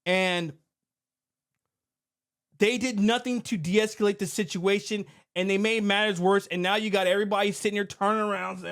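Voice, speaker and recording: Speaking at an ordinary pace in a high voice, a middle-aged security company owner recounts an incident for a commentary podcast. His delivery is lively and chatty, and he tends to say things more than once.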